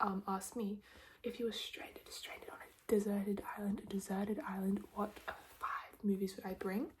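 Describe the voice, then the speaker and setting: A young Australian woman in her twenties, rambling through a whispered ASMR Q&A between soft spoken and whispered words, with lots of "like" fillers. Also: medium pitch, flat delivery, normal speed, slight background noise. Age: 20s. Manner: rambling, chatty, many "like" fillers. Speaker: ASMR creator. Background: tapping clicks.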